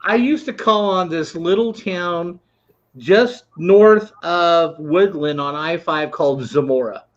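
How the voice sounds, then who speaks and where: A man co-hosting a casual talk show, telling animated road anecdotes over a video call. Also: fairly high pitch, slow pace. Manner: animated anecdote teller, acts out quoted voices. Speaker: podcast co-host. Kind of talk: casual storytelling. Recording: dull lo-fi stream audio.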